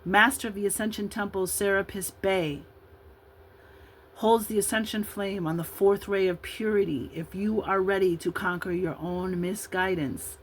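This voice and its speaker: In a casual tarot session, an Illinois woman in her fifties reads the cards aloud and slips into rambling asides. Her intonation is fairly even, her pitch medium and her pace moderate, over a low-quality recording with a little hiss or hum.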